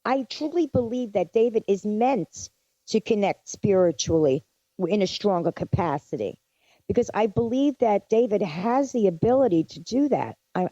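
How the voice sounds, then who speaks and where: A woman's voice: mid-range voice, mellow, no room sound. A woman co-hosting a psychic radio show, speaking earnestly and affirming what others say. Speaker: psychic medium co-host. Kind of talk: casual radio chat. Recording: dull dry lo-fi sound.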